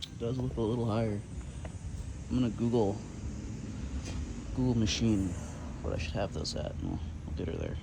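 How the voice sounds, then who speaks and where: A man's voice: lowish voice, moderate pace, gravelly, pauses often, noisy background. A man with a Midwestern accent talks casually through work on his car, thinking aloud and joking in a dry, self-mocking way. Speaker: car restoration vlogger. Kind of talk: casual garage vlog. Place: home garage and driveway, outdoors.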